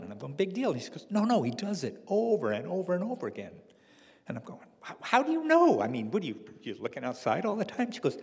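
A middle-aged man telling a personal story to an audience in a wry, halting way, with restarts and fillers. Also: mid-range voice, vocal fry, darkish tone, husky, long reverb tail.

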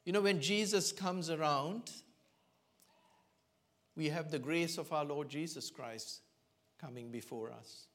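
Slow, earnest male preacher. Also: fairly high pitch, a bit bright. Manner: slow, earnest storytelling with many pauses and fillers. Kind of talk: sermon. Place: church.

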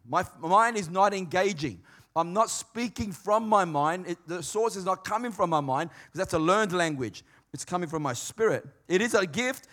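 A man preaching a sermon in a conversational, emphatic way, swinging between quiet and loud. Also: a little high. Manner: conversational, emphatic, varied dynamics.

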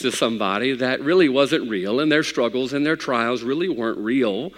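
A man's voice: medium pitch, lively intonation, moderate pace, hardly any pauses. Male pastor, folksy storyteller who builds to fervent preaching; church hall with long reverb. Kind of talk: sermon.

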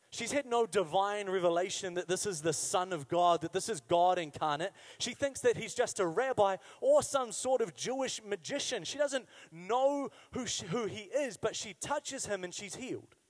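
Pastor, male, high voice, chatty sermon delivery, leans on repetition. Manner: conversational, engages listeners with questions; emphatic repetition.

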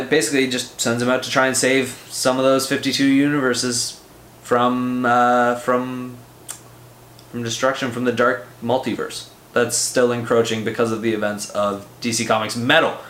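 Excited, swearing man reviewing comics. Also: mid-range voice, normal speed, roomy sound, slight background noise. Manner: excited, profane, rambling with fillers. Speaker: comics podcast host. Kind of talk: casual comic book review.

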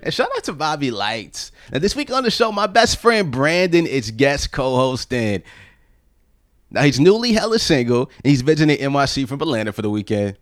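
A man's voice: mid-range voice, sing-song, moderate pace, no room sound. A man hosting a podcast, teasing and blunt in casual chat. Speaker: podcast host.

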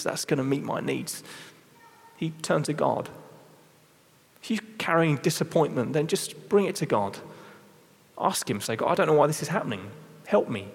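A man's voice: medium pitch, vocal fry, slightly rough. Preacher man in a reverberant hall. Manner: earnest, repeats words, reads scripture slowly. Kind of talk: sermon. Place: large church hall.

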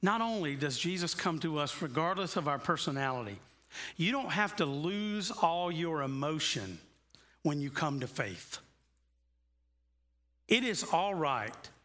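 A pastor delivers a sermon from the pulpit of a church. His voice sits a little high and rings bright. He talks in a loose, conversational way and then builds to earnest, passionate emphasis. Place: church sanctuary.

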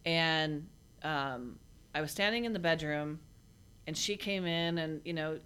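A woman with a low voice talks casually as an interview guest. She recounts her story bluntly and plainly, with frequent halting restarts and fillers. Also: fairly bright tone, smooth. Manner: blunt, matter-of-fact.

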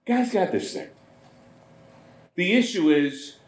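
A man preaching a sermon as pastor, in a conversational, animated way, often slipping into voices. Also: high-pitched, normal speed, slight background noise. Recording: roomy echo.

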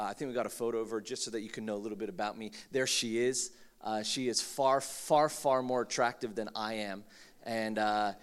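A Filipino pastor in his thirties delivers a humorous sermon in a lowish, clean-toned voice. He jokes and mocks himself, using many fillers and restarts.

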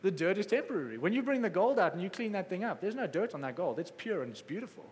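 Man, sermon, passionate preaching, fairly high voice, long echo of a big hall. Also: very animated, quick pace. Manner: passionate, rising to exclamations then dropping soft.

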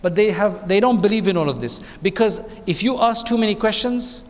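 A man's voice: high-pitched, lively intonation, a little fast, in a large hall. A man, an imam, giving an Islamic lecture in a conversational way, often asking his listeners rhetorical questions.

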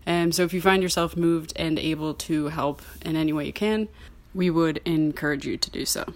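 Low-voiced woman podcast host. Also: normal speed. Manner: easygoing, laughs often. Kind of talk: casual chat.

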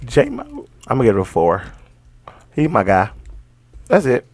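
A man's voice: mid-range voice, sing-song, unhurried, dry recording. A young man co-hosting a casual podcast, teasing and slangy. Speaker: podcast co-host. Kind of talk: casual group chat.

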